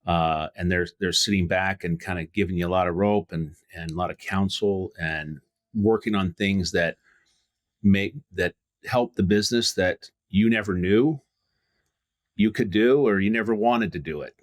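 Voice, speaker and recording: A man's voice: low-pitched, normal speed, no echo, studio quality. A middle-aged man, a business owner, answering interview questions in a frank, rambling way with many restarts. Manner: rambling, restarts often, frank with mild profanity. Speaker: guest, home services business owner.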